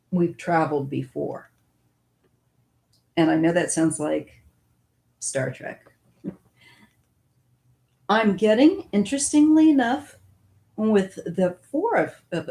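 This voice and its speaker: A woman's voice: lowish voice, darkish tone. A woman giving a casual live-stream tarot reading, musing and thinking aloud as she goes. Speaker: tarot reader.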